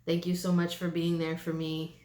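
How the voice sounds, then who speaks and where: A young woman talking to camera in a personal vlog, teary and halting, with many pauses and fillers. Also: fairly low pitch, completely flat delivery, a little mellow. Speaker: vlogger. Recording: echoey room, faint ambient noise.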